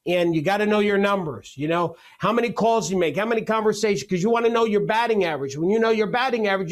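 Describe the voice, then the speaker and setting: A middle-aged man teaching real estate business planning in a webinar over a video call, energetic and joking. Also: high voice. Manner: energetic, joking, rapid-fire.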